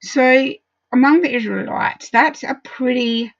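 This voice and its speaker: A woman teaching a Bible study in a casual way, walking through verses and explaining them with frequent pauses and ums. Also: high voice, gravelly, dry recording, highs cut off.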